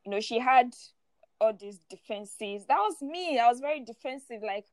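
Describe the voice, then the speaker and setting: A woman's voice: on the high side, lively intonation, moderate pace, dry recording. A woman in her forties sharing her personal testimony as a guest, often laughing through it and repeating words as she goes. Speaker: guest speaker.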